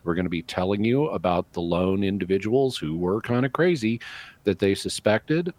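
A man on a call-in radio show, explaining answers to callers in a measured way, drawing out key words. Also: low voice, lively intonation, a little mellow. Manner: explanatory, measured, drawn-out stresses. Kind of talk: live call-in radio talk.

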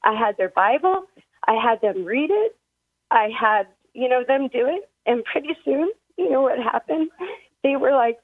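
A tearful woman caller, heard over a thin, tinny phone line, with a high voice. She talks in a halting, emotional way and chokes up as she shares her story. The sound is dry and close. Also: animated, no room sound. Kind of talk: call-in radio conversation.

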